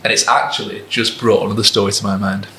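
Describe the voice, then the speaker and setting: A man's voice: lowish voice, flat delivery, fast, sharp tone, echoey room, a little hiss or hum, low-quality recording. A man who is a fitness coach and podcast co-host, telling stories in casual chat and laughing often. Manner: chatty storyteller, laughs often.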